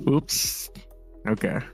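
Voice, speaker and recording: A man's voice: a little high, a little mellow. A man from the Philippines streaming casually while drawing, rambling, laughing often and reading chat messages aloud.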